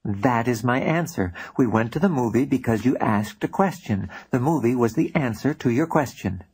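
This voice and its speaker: A man voicing a calm, teasing spiritual teacher in an audiobook, speaking quietly and patiently in riddles. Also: mid-range voice, normal speed, breathy edge. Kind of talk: audiobook character voice.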